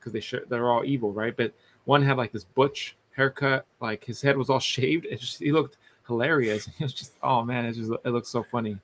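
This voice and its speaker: Male podcast co-host, mid-pitch, casual rambling delivery with restarts and laughs. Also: brisk. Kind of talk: casual live-stream chat.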